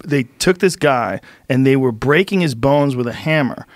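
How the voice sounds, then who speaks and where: Relaxed male podcast host. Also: mid-range voice, no echo, clean studio sound. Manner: relaxed, conversational, quick questions. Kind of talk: casual conversation.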